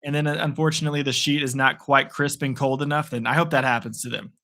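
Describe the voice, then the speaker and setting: A man's voice: medium pitch, fairly even intonation, fast talker, pushed and bright. A man hosting a live play-by-play reaction stream, playful and rambling between calls. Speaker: sports stream host.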